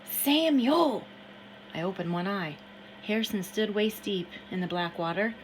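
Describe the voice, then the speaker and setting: Lady reading an audiobook, steady tone, bit of faint hiss. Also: on the low side, normal speed, low-quality recording. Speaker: audiobook reader. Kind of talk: first-person audiobook narration.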